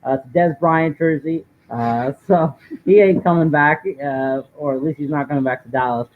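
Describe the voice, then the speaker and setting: A man's voice: a little high, moderate pace. A man co-hosting a live stream from home, giving upbeat, talkative sports commentary with many fillers. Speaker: co-host of a live draft stream. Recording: tinny lo-fi stream audio with faint noise.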